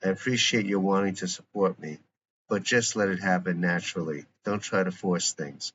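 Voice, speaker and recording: A man's voice: sits low, normal speed, fairly bright tone. A man reading as a patient old grandfather. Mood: calm. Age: older. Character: grandfather, calm and polite. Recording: muffled lo-fi with faint hiss.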